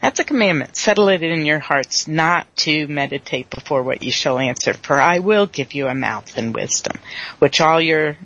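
A Bible study leader teaching slowly, quoting scripture and laughing easily with the group. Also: mid-range voice, animated. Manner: slow, warm, laughs easily, quotes scripture. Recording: dull lo-fi recording.

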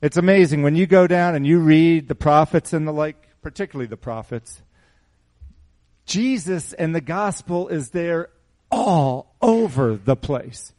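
Middle-aged male pastor, slightly high voice, animated sermon full of rhetorical questions to a small congregation. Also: moderate pace. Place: small church hall.

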